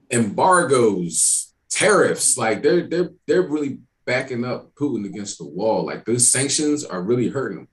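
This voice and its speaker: A man teaching an evening Bible class in a casual, streetwise way, talking in animated asides. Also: medium pitch.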